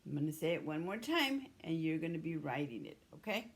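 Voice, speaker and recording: A woman's voice: low-pitched, very animated, a little fast. A woman teacher leading an early-grade writing lesson, patiently sounding out letters and words.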